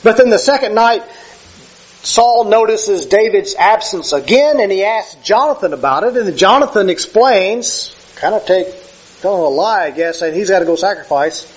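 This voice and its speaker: A man's voice: sits high, lively intonation, moderate pace, slightly rough, muffled recording. A man preaching a conversational sermon, often correcting himself and acting out quoted lines. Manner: conversational, self-correcting, acts out quoted speech. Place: church sanctuary with slides.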